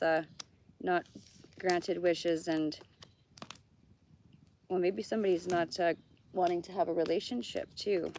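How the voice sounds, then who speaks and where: A woman's voice: fairly low pitch, vocal fry, a little mellow, a little hiss or hum. A middle-aged woman from Canada doing a casual live-stream tarot reading outdoors by a fire, chatty and swearing freely. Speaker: tarot card reader.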